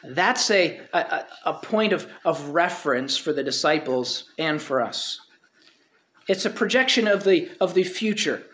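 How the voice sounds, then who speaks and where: Man preaching in a high, conversational voice. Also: animated, unhurried, fairly bright tone. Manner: conversational preaching, quoting scripture, asks rhetorical questions. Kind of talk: sermon.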